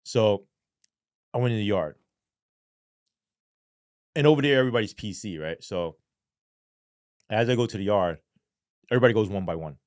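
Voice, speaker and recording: Profane New man, low dry voice. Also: moderate pace, long pauses, no room sound. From New York. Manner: profane and animated, keeps asking "right?". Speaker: guest. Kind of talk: casual storytelling.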